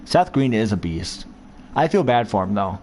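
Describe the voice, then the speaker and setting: A man chats his way through a football video game, rambling and reminiscing between plays. His voice sits a little low, relaxed and conversational, like a fan talking to viewers at home. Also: normal speed, slight background noise. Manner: chatty, rambling, reminiscing about college football. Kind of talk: casual gameplay commentary.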